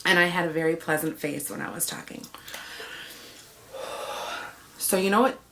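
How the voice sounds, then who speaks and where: A woman with a bright, forceful voice recounts a shopping mishap in a casual, exasperated storytelling rant. She slips into quoting herself and the staff, and her pitch sits a touch on the low side for a woman. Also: normal speed. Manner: acts out the dialogue, quoting herself and the clerks. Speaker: customer telling a story.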